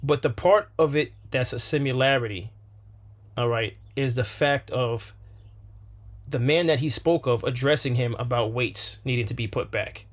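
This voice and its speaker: A man hosting a reaction video, speaking in a measured, deliberate way with hesitant fillers. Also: medium pitch. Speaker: channel host. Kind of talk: reaction commentary.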